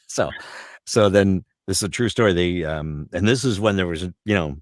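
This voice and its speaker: A middle-aged voice actor telling lively anecdotes as an interview guest. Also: male voice, deep voice, dry recording, clean studio sound. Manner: lively, fast-moving anecdotes. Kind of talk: anecdotal storytelling.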